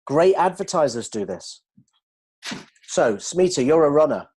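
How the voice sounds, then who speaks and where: A man explaining communication ideas to colleagues in an animated way, checking that they follow. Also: on the high side, unhurried, breathy edge. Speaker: dental communication trainer. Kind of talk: explanatory discussion.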